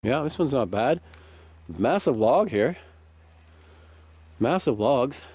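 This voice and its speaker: A man's voice: medium pitch, lively intonation, takes it slowly, a little mellow, breathy edge, no echo. A Canadian man with a Canadian accent, chatting casually by a campfire in the woods and laughing often. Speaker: channel host. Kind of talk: casual outdoor chat.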